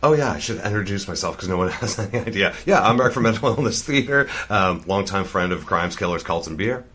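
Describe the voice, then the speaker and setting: A man's voice: low voice, expressive, fairly quick, a bit bright, slight background noise. A man from Eastern Canada, a guest on a podcast, chatting casually. He swears freely and giggles a lot. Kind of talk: casual chat.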